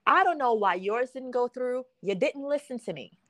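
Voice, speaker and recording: A woman's voice: fairly high pitch, animated, normal speed, a bit bright, dry recording. A young adult woman hosting a podcast, telling a story in casual chat and acting out the quotes, laughing often. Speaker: podcast host.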